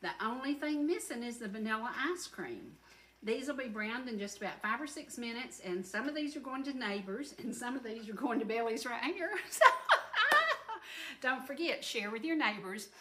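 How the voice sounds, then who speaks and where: A woman's voice: fairly high pitch, expressive, normal speed, fairly bright tone, reverberant. A woman in her sixties with a Southern US accent, hosting a cooking segment in a homey, folksy way. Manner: folksy, homey, says y'all. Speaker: talk show host. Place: indoor kitchen.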